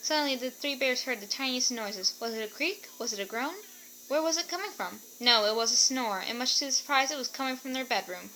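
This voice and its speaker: A woman narrates a children's story with animated expression. Her voice is bright and forceful. It sits a little high. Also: brisk, a little hiss or hum, poor audio.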